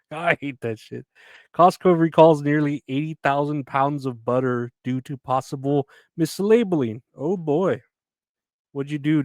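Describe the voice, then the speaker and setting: A man's voice: mid-range voice, a little mellow, clean tone, no room sound. A young man hosting a casual solo comedy podcast, rambling with crude offhand jokes. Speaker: podcast host.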